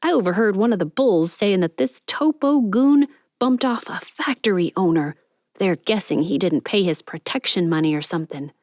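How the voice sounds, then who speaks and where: In an audiobook, a woman voices a chatty young male elevator attendant who comes across folksy and gossipy. Her voice is medium-pitched, expressive, moderately paced, and darkish, close to an everyday voice, captured dry in studio quality.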